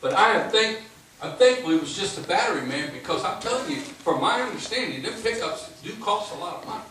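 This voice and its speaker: A man's voice: high-pitched, lively intonation, brisk, pushed and bright, a little hiss or hum. A man preaching as pastor in a church sanctuary, folksy and storytelling, acting out the voices of the people he tells about. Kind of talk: casual sermon talk. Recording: echoey church, distant mic, music behind.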